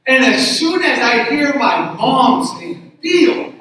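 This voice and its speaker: A pastor from Tucson preaching a sermon, telling a personal story in an earnest way and repeating phrases for emphasis. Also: male voice, very high-pitched, big pitch swings, slow, sharp tone. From Tucson, Arizona. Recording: echoey hall, mic from far off.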